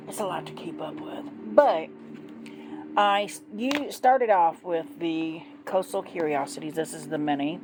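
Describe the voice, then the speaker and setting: Slow, low-voiced woman chatting. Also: poor audio. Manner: chatty, gushing, rambling. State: yawning, sleepy. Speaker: tarot deck reviewer. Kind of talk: casual vlog chat.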